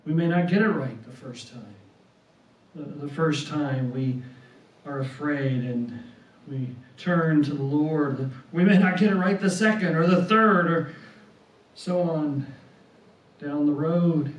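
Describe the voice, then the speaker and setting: A man with a high voice preaches a sermon at an unhurried pace, often doubling his words and checking in with "right?". He sounds set back from the mic, and a roomy echo hangs around his words, as in a church hall. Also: distant mic, highs cut off. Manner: slow and deliberate, often repeats words and adds "right?".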